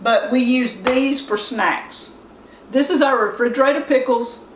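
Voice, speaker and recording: A woman's voice: sits high, measured pace. A woman with a Southern US accent, plain-spoken and homespun, walking step by step through a home cooking demonstration as host. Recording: echoey room, distant mic, faint hiss.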